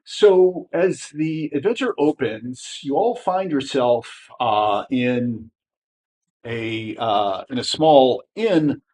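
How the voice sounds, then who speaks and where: A man narrating as game master of a tabletop game, speaking hesitantly with many pauses and restarts. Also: medium pitch, lively intonation, a little mellow.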